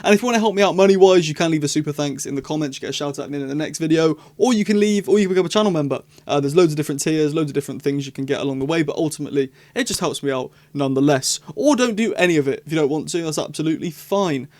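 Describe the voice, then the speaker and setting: A young adult man chatting through a casual commentary vlog, excitable and rambling. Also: fairly high pitch, very fast, hardly any pauses, dry recording. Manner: excitable, rambling, animated reactions. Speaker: YouTuber.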